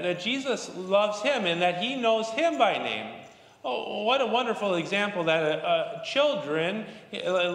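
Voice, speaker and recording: A man in his thirties, a pastor giving a gentle children's chapel devotion in a storytelling way, with halting restarts. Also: sits high. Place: church chapel. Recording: roomy chapel with long reverb.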